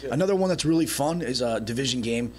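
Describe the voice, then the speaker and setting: A man's voice: medium pitch, lively intonation, fast, darkish tone, slight background noise. A man cohosting a sports radio talk show, breaking down football games in a chatty, loose way. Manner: chatty, many restarts and fillers. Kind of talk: casual sports radio chat.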